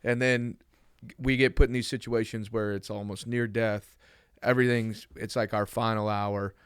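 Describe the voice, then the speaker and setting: A man's voice: lowish voice, flat delivery, moderate pace, clear, resonant tone, no room sound, clean studio sound. A man hosting a faith podcast interview, reflecting aloud in a thoughtful, searching way before asking his question. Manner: reflective, thinks aloud with fillers. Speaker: podcast host.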